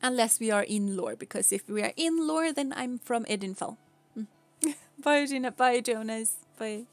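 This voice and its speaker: A woman's voice: on the high side, moderate pace, faint music behind. A woman whose first language is Swedish, chatting casually while streaming a game, giggling often and rambling with repeated words. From Sweden.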